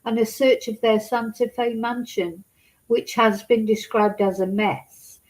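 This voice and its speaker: A woman vlogs in a rough recording, reading a news story aloud with hesitant personal asides and growing upset. Her voice is on the high side and soft-spoken. She is chatty and hesitant, with many fillers.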